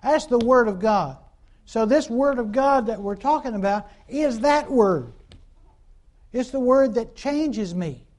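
A man's voice: high voice, a little mellow. A man preaching a conversational sermon in a folksy, repetitive way, full of fillers and call-and-response asides.

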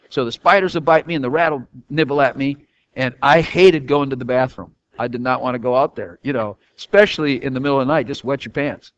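A man's voice: medium pitch, no echo, highs cut off. An older man teaching from the Bible in a rambling, folksy storytelling way, chuckling often between stories.

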